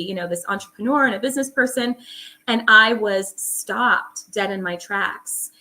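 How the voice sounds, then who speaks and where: Middle-aged woman on an interview, bright voice, emphatic and earnest, lots of ums. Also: medium pitch. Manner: earnest, emphatic, many fillers. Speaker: guest, holistic psychologist. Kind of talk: conversational interview storytelling.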